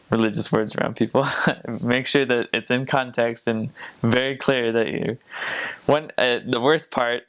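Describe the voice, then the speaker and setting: An American man talking casually to camera, explaining things in a chatty way and laughing often between points. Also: mid-range voice. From United States. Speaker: vlogger.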